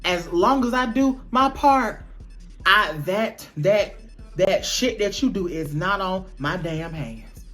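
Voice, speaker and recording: A woman's voice: medium pitch, slow pace, a bit bright, soft background music. A woman voicing her older mother, tearful and pleading one moment, firm and preachy about faith the next.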